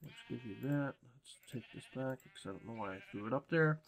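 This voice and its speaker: A man casually commenting on his game, rambling between thoughts and coaxing game animals in a higher sing-song voice, chewing a cough drop as he talks. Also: animated, fast, background noise. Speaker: gameplay commentator.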